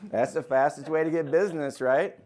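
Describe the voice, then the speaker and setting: An older man teaching a real estate class, energetic and quizzing his students with questions. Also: fairly high pitch, brisk. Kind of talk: interactive classroom lecture.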